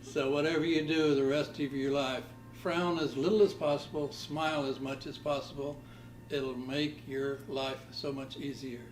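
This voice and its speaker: An older man giving advice to young people, halting and stammering with fillers. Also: mid-range voice, level tone. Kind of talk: warm advice speech. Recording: echoey room with faint music.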